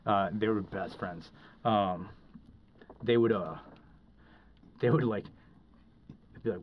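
Low-voiced man telling a rambling story. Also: slow, pauses often. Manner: rambling, heavy with fillers and restarts. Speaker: podcast guest. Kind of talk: casual storytelling. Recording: dull lo-fi recording.

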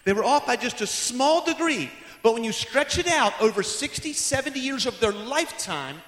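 A man delivers a sermon in a high, ringing voice, hammering points home by repeating them. He swings from forceful declarations to quiet, hushed asides. The sound carries the long reverb of a large hall. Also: lively intonation, moderate pace. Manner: emphatic, repeats lines for stress, swings from loud to hushed. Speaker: pastor.

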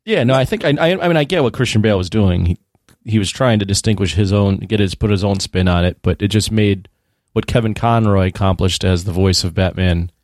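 A man's voice: on the low side, a little fast, a little mellow, no echo, clean studio sound. A man co-hosting a casual podcast chat, starting his points hesitantly.

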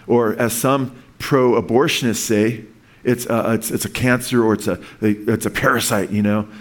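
A man's voice: mid-range voice, fairly even intonation, moderate pace. Man, pastor, sermon, earnest, rambling, restarts often, asides.

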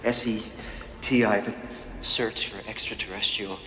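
A man's voice: fairly low pitch, fairly even intonation, a little slow, noisy background, lightly acted. A man playing a nervous NASA scientist who earnestly pleads to talk with aliens, in a movie clip. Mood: coaxing. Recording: movie clip, echoey, with score.

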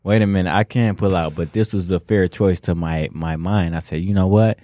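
A man's voice: low-pitched, steady tone, normal speed, warm tone, dry recording, studio quality. A man co-hosting a casual podcast chat, telling stories in a laid-back, slangy way and laughing often. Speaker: co-host.

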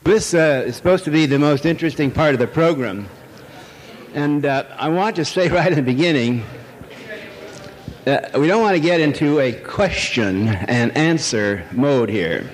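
Wry rambling lecturer in a reverberant hall. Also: male voice, a little high, expressive, moderate pace. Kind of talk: live lecture to an audience. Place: lecture hall with a live audience. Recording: long hall reverb, faint noise.

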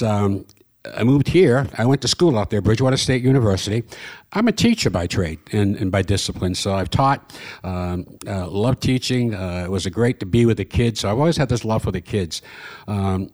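A man's voice: on the low side, darkish tone. An older man with a Boston accent, a guest chatting on a radio interview with many fillers and restarts. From Massachusetts.

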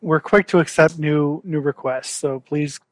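A man's voice: a little high, measured pace, no echo. A man co-hosting a podcast in an easygoing, agreeable way. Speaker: podcast co-host. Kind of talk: casual podcast chat.

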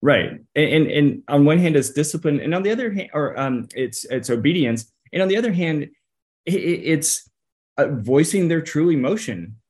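A man's voice: fairly high pitch, lively intonation, darkish tone. A man co-hosting a parenting podcast, talking things through thoughtfully with frequent restarts. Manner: thoughtful, halting, restarts phrases with "um" and "you know". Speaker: podcast co-host, psychologist. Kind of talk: casual advice chat.

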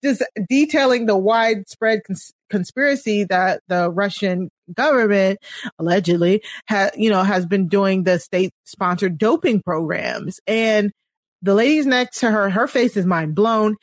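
A woman co-hosting a podcast, retelling scenes with amused, animated energy and frequent laughter. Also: medium pitch, measured pace, no echo. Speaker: podcast co-host. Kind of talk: casual podcast discussion.

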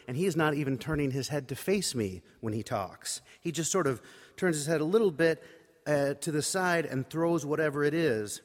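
A man preaching by telling a personal story in a wry, conversational, self-mocking way. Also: medium pitch. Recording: reverberant hall.

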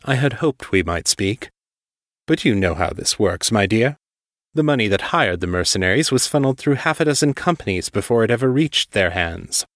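A man voicing a deep, cultured crime lord on the phone. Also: no room sound, clean studio sound, close to an everyday voice. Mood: coolly controlled. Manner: calm, carefully controlled, slow.

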